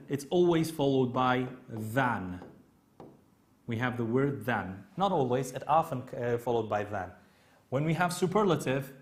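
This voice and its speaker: A man with a Kurdish accent, a native Kurdish speaker, teaching an English grammar lesson, explaining step by step and often checking in with "okay?". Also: mid-range voice. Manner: slow, repetitive explaining with many "okay?" checks.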